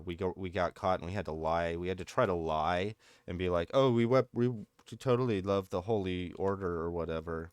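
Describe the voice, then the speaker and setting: Man, thirties, low voice, dry close sound, rambling gameplay chatter, frequent laughs. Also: smooth, dry recording. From United States. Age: 30s. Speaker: streamer. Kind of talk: casual gameplay commentary.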